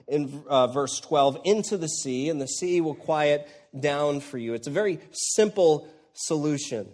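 A man preaching an expository sermon, moving between hushed lines and loud, exclaiming ones. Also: mid-range voice, unhurried, hardly any pauses. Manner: animated, swings from hushed to exclaiming.

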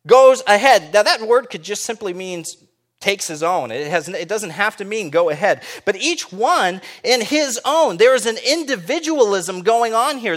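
A man's voice: sits high, bright, forceful tone. A man preaching a sermon as pastor, emphatic and full of rhetorical questions.

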